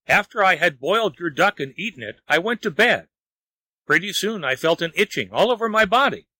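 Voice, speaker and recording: A man's voice: high voice, very animated, fairly quick, bright, forceful tone, dry recording, voice pushed up, heavily acted. A man voicing a wailing, begging lazy man. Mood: pleading. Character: frantic itching lazy man, pleading.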